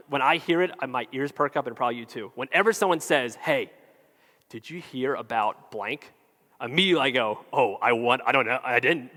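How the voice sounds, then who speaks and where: A man's voice: fairly high pitch, fairly bright tone. A man preaching a casual, joking sermon as a pastor. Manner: conversational, jokey, acts out quoted voices. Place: church hall with long reverb. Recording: reverberant church hall.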